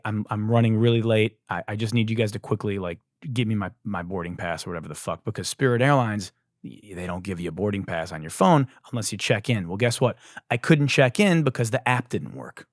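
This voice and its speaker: Profane, animated man ranting. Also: fairly low pitch, no room sound, clean studio sound. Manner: profane, exasperated, animated ranting with shouted outbursts. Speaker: podcast host. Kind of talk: comedic storytelling rant.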